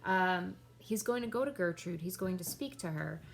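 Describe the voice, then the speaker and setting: A woman's voice: on the low side, expressive, normal speed, creaky. A woman teacher explaining a play to students, often checking in with "right?" and "okay?". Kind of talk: lesson explanation.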